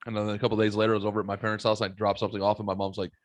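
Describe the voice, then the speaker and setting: A man's voice: on the low side, little pitch movement, very fast, no room sound. A man hosting a podcast, telling rambling stories in casual chat and swearing freely. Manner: rambling, profane storyteller. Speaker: podcast host.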